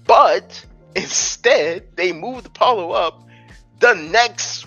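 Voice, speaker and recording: A man co-hosting a casual wrestling podcast, talking in an animated, profane, joking way. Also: high voice, slow pace, creaky, muffled recording, soft background music. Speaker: podcast co-host.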